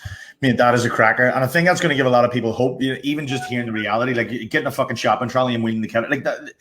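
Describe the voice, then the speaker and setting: A man's voice: mid-range voice, rapid-fire, fairly bright tone, slight background noise. A man hosting an interview, talking bluntly and enthusiastically and swearing casually. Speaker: podcast host.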